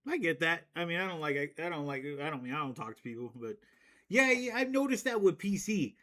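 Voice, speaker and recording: A man with a voice pitched a little above most men's, holding forth in a loose, profane rant to his stream. He rambles, restarts his thoughts, and breaks into laughs at his own stories. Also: animated, a little fast, fairly bright tone. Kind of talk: casual rant to stream chat.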